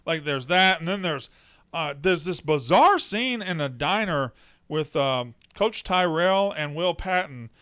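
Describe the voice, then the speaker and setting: Bright, animated man co-hosting a movie podcast. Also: on the high side, measured pace, clear, resonant tone, no echo, clean studio sound. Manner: animated, acts out film lines in loud mimicry. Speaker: podcast co-host. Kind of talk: casual film review chat. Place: studio.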